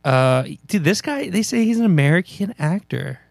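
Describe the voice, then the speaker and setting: A man co-hosting a podcast in casual chat, easygoing and quick to laugh. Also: sits high, sing-song, gravelly, no room sound, clean studio sound. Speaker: podcast co-host.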